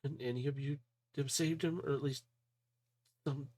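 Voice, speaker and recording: A man's voice: mid-range voice, fairly even intonation, moderate pace, a little mellow, breathy edge, voice pushed up, close to an everyday voice. A man voicing a grieving young female robot who stammers and chokes on her words. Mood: distraught.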